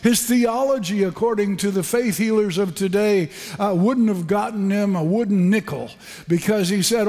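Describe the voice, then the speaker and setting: A man's voice: high voice, normal speed, gravelly, darkish tone. A man preaching a sermon with fervent, emphatic delivery and repeated phrases. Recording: echoey hall with long reverb.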